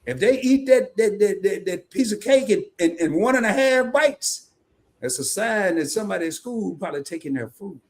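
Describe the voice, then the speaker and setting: A man's voice: sits high, normal speed. A man with a Southern US accent co-hosting a live stream, chatting casually, joking and reading viewer comments aloud. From American South. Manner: animated, folksy, jokes and reads chat comments aloud.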